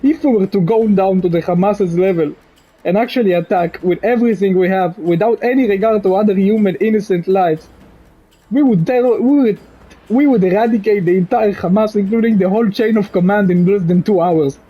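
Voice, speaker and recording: A young man from Israel, crying as he speaks straight to camera, halting and repeating himself, swearing as his voice breaks. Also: high-pitched, slightly rough. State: crying, choked up. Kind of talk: emotional direct-to-camera monologue. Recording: dull lo-fi recording.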